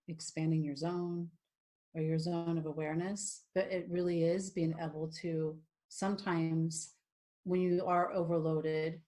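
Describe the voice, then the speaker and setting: A woman co-hosts a casual podcast in a somewhat low voice. She talks in a relaxed, affirming way and often laughs along. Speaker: podcast co-host. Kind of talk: casual chat.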